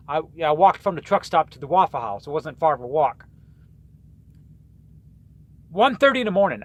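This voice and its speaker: A man's voice: fairly high pitch, a bit bright. A man who drives a truck, ranting to camera in a rambling, repetitive way with many restarts. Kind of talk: casual rant to camera.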